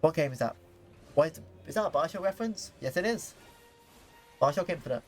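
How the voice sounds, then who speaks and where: A young man casually commenting while playing a game on stream, rambling and excitable, with lots of fillers and restarts. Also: a little high, fairly quick, faint music behind.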